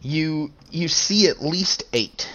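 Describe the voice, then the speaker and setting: A young man narrates a tabletop game as game master. He speaks very slowly, hesitates often and fills the gaps with "uh". The recording sounds a little dull and lo-fi. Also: on the high side, lively intonation, pushed and bright. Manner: slow, hesitant, many fillers.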